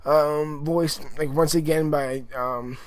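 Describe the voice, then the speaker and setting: Male TV reviewer, casual, excitable, rambling, full of fillers; voice sits a bit high. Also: slow, no echo, poor audio. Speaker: TV episode reviewer.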